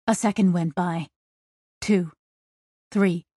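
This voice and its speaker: Woman, audiobook narration, slow, even, dry studio sound. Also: on the low side, husky, dry recording. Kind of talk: scripted narration.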